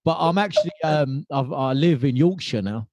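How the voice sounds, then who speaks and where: A man hosting a podcast, asking questions in a friendly, hesitant way with many pauses. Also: on the high side, a little mellow, no room sound. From Kent, England. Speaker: podcast host. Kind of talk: casual interview chat.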